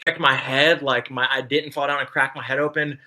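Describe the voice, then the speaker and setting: Male podcast co-host, bright edgy timbre, casual slangy storyteller. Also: medium pitch, little pitch movement, fairly quick, low-quality recording. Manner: slangy and candid, peppered with "dude" and "like".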